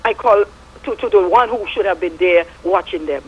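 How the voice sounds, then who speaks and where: In a low-quality recording with a little hiss or hum, a middle-aged radio caller with a Statian Caribbean English accent offers fervent testimony, preaching and citing the Bible. Her voice is fairly low and darkish in tone, and she talks at a normal speed.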